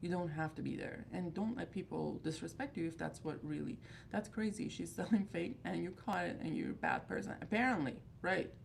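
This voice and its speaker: A woman's voice: lowish voice, brisk, gravelly, hardly any pauses, a little hiss or hum. A woman in her thirties hosting a livestream, talking in a rambling, candid and exasperated way. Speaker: livestream host of a fragrance group. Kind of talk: casual chat.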